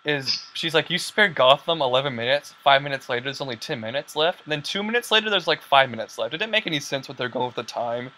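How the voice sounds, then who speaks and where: A young man hosting a casual podcast, rambling excitedly with lots of fillers and quoted lines. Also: medium pitch, fast, few pauses, a little hiss or hum. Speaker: podcast host. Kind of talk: casual chat.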